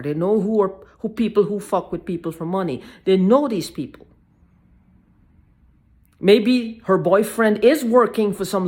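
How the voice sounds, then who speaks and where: A woman in an agitated personal video monologue, halting and repetitive, with frequent swearing and repeated phrases. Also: mid-range voice, darkish tone.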